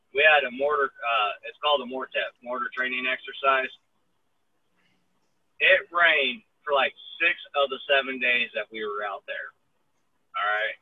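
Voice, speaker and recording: A man's voice: mid-range voice, husky. A man casually and easily telling his army stories in a laid-back way. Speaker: army veteran. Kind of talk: casual storytelling chat. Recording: phone-like narrow sound.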